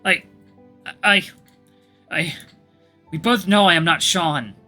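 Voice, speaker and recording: A man's voice: sits high, slow, sharp tone, exaggerated voice. A man voicing a distraught young male black wolf, pleading and broken, with faint music behind. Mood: anguished.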